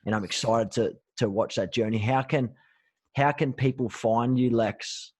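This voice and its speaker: A man's voice: medium pitch, fairly even intonation, measured pace, slightly rough, no echo. A man hosting an interview podcast, encouraging his guest and often stammering and repeating words. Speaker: podcast host. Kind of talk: interview chat.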